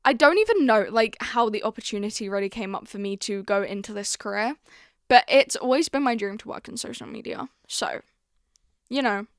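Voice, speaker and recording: A woman's voice: on the high side, fairly bright tone, smooth, dry recording, studio quality. A young woman hosting her own podcast in casual chat, confiding and chatty, acting out her own stories as she goes. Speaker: podcast host.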